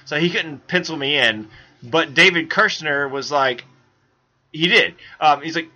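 Podcast guy rambling thru a story, lots of restarts, slightly high bright voice. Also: fairly quick. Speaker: podcast host. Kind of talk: casual chat.

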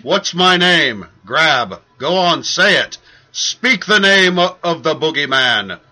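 A man voicing a menacing male prisoner who taunts a marshal, read aloud from a novel in a slow, emphatic way. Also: a little high, expressive, sharp tone, full character voice. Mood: taunting.

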